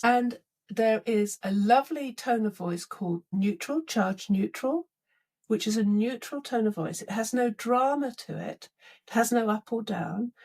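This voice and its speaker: This middle-aged woman, a leadership coach, has a mid-range, slightly rough voice. Interviewed for a podcast, she tells animated stories and acts out the dialogue from both sides.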